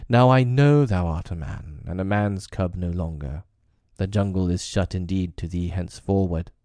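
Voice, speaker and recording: Low-voiced man as a calm wise panther, soft and kind, deep dark tone. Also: normal speed, no room sound, clean studio sound. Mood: gentle. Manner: calm, tender. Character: wise, gentle black panther mentor.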